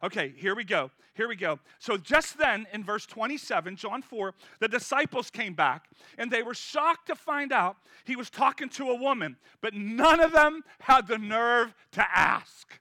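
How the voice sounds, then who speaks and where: A man delivers a sermon in a strikingly high, bright voice. He talks to the congregation casually and with energy, often urging them on. The sound is close and dry, with no room echo. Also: normal speed, hardly any pauses. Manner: energetic, conversational preaching that urges the crowd on. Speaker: pastor.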